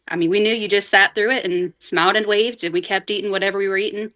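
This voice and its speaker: A woman guest on a chat show, telling family stories in a casual, animated way and laughing often. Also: medium pitch, fast, hardly any pauses. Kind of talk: casual storytelling.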